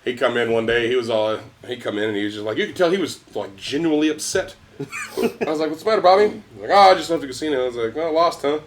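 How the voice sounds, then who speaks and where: A man telling profane, animated stories in casual bar chat. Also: medium pitch, fast talker, a little hiss or hum.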